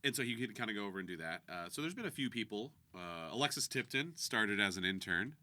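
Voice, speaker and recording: A man's voice: fairly low pitch, expressive, fast, sharp tone. A man co-hosting a podcast and chatting casually, telling stories with quoted voices. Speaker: podcast co-host, voice actor and director. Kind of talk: casual chat.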